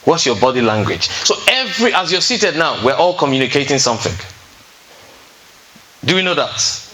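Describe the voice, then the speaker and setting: A man's voice: a little high, big pitch swings, moderate pace, pushed and bright, rough recording. A man giving a relationship talk to a seated audience in a room. He keeps it conversational, checks in with his listeners often and tells stories from counseling sessions. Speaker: relationship speaker at a singles fellowship. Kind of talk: teaching talk to a live audience.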